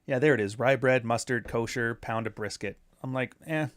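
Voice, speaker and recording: A man of middle pitch talks through a casual commentary, wandering off on tangents with sarcastic jabs. The sound is close and dry, with no room around it. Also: moderate pace, dry recording. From Canada. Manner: rambling, sarcastic asides. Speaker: commentary host.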